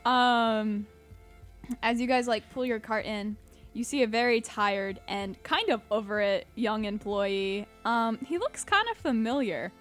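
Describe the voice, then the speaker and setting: A young woman, slowly narrating a tabletop game as game master, with lots of ums. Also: a little high, a bit bright, faint music behind. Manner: unhurried, giggly, with many ums.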